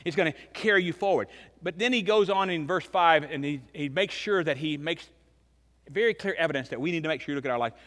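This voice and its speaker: A man in his fifties preaching a sermon as pastor, emphatic, swinging between loud and hushed. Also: on the high side, quick pace. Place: church sanctuary. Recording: long reverb of a large church hall.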